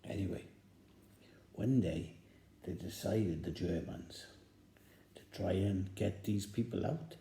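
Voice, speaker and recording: Man, rambling joke storyteller, slow delivery, roomy echo. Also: low voice, warm tone, a little hiss or hum. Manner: rambling, repeats phrases for effect.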